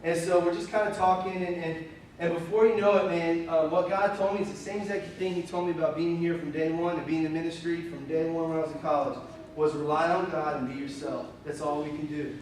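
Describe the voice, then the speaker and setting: A young man preaching in a church sanctuary, his slightly high voice bouncing around a very echoey room and heard from well back from the mic. He talks candidly and with animation, spinning personal stories full of fillers and self-deprecating asides. Faint hiss sits under the recording. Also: little pitch movement, a little fast, darkish tone, recorded from a distance. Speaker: pastor. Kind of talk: conversational sermon storytelling.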